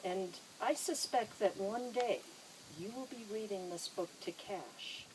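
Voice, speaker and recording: A woman officiating a wedding ceremony, leading vows with gentle, teasing warmth. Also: medium pitch, unhurried, noisy background. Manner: warm, teasing, gently emotional.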